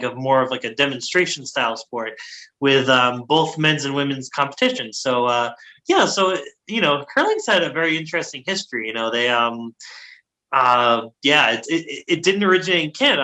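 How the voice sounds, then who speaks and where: A man's voice: medium pitch, pushed and bright, poor audio. A man co-hosting a casual sports history podcast, full of fillers and laughing at his own pronunciation. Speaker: podcast co-host.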